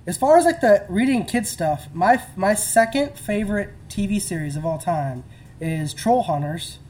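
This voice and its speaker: A podcast host in casual chat, relaxed and interested. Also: medium pitch, normal speed.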